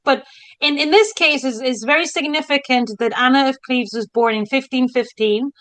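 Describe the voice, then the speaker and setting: A woman's voice: high voice, steady tone, normal speed, fairly bright tone, dry recording, low-quality recording. A woman from Spain, a historian co-hosting a casual podcast chat in a dramatic, theatrical way. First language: Spanish. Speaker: historian co-host.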